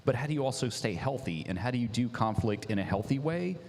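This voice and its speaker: A young man, a coffee business founder, telling his story in a casual interview, animated and slangy, acting out what people said. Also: mid-range voice, fast, slight background noise. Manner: animated, slangy, acts out quotes. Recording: reverberant hall.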